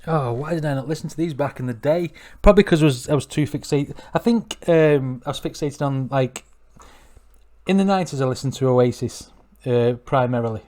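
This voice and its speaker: Rambling, excitable middle-aged man. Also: medium pitch, fairly quick. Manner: rambling, self-correcting, excitable. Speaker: music reaction channel host. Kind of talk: casual reaction commentary.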